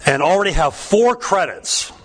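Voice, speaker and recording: A man reading a proud mother's lines, delivered in a crisp, dry, matter-of-fact way. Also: sits high, lively intonation, moderate pace, a little hiss or hum, pitched above the performer's own voice. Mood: deadpan. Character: woman, a proud mother stating her job.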